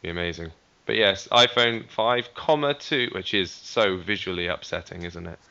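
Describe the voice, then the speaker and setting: A man's voice: low voice, normal speed, creaky, pushed and bright. A man co-hosting a podcast, casual and sarcastic. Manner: sarcastic, mocking. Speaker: podcast co-host. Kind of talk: casual chat. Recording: dull lo-fi podcast sound.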